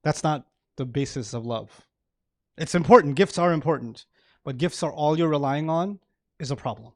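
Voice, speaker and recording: Male preacher, high voice, animated storytelling sermon with laughs. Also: moderate pace, no room sound, clean studio sound. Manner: animated, acts out examples, laughs often. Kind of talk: sermon to a live audience.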